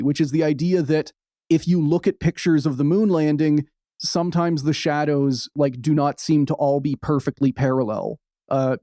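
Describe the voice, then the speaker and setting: Wry fast-talking male podcast co-host. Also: fairly high pitch, warm tone, dry recording, clean studio sound. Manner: wry, fast-talking recapper with quick asides. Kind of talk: casual podcast chat.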